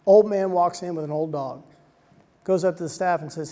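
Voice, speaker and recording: A man giving a motivational talk to soldiers, telling stories in an animated way and dropping to a soft hush at emotional moments. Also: fairly high pitch, normal speed. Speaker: speaker addressing soldiers. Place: large hall on a military base. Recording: long reverb of a large hall.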